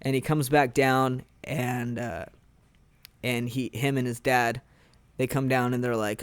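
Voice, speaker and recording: A man hosting a casual review podcast. He rambles excitedly through a story recap with plenty of filler words. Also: medium pitch, unhurried, clean tone, dry recording. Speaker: podcast host reviewing anime. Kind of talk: casual chat.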